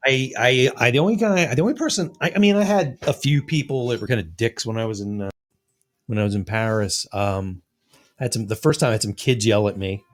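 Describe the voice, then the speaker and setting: A man's voice: medium pitch, a little fast. A man co-hosting a podcast, blunt and swearing freely in casual chat. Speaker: podcast co-host.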